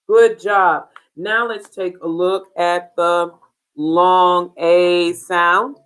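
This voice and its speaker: A woman teacher giving an online phonics lesson, speaking patiently and sounding out each letter clearly. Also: fairly low pitch, drawn-out words, fairly bright tone. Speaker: reading intervention teacher.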